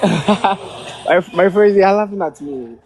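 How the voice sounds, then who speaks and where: A man's voice: high-pitched, slow, darkish tone, soft background music. Hesitant young Ghanaian man calling in. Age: 20s. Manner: hesitant, agreeable, repeats yeah. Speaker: caller. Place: outdoors.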